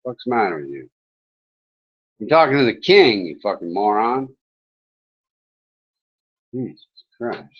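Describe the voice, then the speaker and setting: A man's voice: lowish voice, very animated, a little slow, long pauses, breathy edge, lo-fi sound. Abrasive swearing man ranting on stream. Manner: abrasive, swearing, yelling at chat. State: drinking beer. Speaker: livestream host reading chat. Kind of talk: profane livestream rant.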